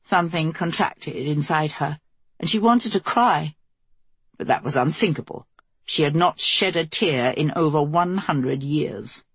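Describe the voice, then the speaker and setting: Husky low-voiced woman narrating. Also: expressive, a little slow, no echo. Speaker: audiobook narrator. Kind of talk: scripted fantasy narration.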